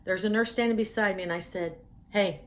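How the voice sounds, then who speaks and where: A woman's voice: mid-range voice, quick pace, a little hiss or hum. A middle-aged woman telling a personal story with humor, laughing often.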